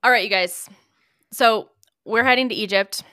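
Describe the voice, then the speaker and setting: A woman's voice: on the high side, moderate pace, pushed and bright, dry recording, studio quality. A young American woman co-hosting a podcast, chatting casually, blunt and laughing, swearing freely. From United States. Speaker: podcast co-host. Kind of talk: casual chat.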